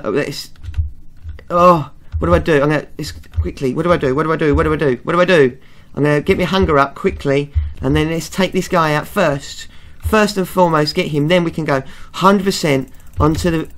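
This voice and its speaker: A middle-aged man commentating his own video game play, talking to himself with excited, panicky exclamations. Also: fairly high pitch. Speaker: let's play gamer.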